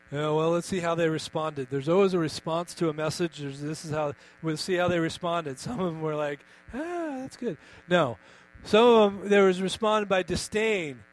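A man's voice: a little high, low-quality recording. Emphatic man preaching over mains hum. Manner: emphatic, asks the congregation questions. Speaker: pastor. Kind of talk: sermon.

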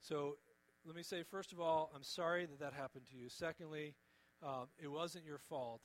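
A man preaching with a slightly higher voice, earnest and gentle. He pleads with his listeners and lets key words fall quiet. A faint mains hum sits under the recording. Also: fairly even intonation, moderate pace, poor audio. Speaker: pastor. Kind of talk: sermon.

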